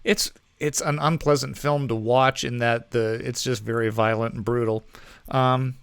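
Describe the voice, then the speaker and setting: Chatty man reviewing films, smooth dry voice. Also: mid-range voice, little pitch movement, unhurried, a bit bright, dry recording. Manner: rambling, self-correcting, with frequent ums and asides. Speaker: podcast co-host reviewing movies. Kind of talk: casual movie review chat.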